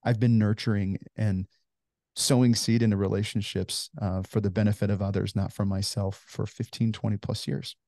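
Gravelly low-voiced man telling stories. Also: little pitch movement, moderate pace, dark tone, no echo, studio quality. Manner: earnest storyteller, heavy on "you know" fillers. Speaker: ministry founder, guest. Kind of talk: conversational storytelling interview.

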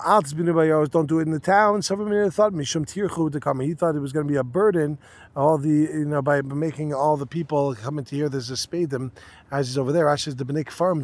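Slightly high-voiced man teaching Talmud. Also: a little mellow. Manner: reads Aramaic in quick bursts, then explains in casual English; conversational, asks rhetorical questions. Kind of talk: line-by-line Talmud class.

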